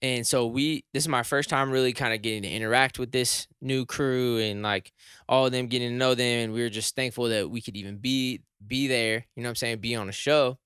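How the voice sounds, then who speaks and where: A young man casually telling a long story on a chat show, getting more animated and loud as he recalls being shocked. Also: a little fast, smooth, no echo, clean studio sound. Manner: animated, rises high and loud when shocked. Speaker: podcast co-host.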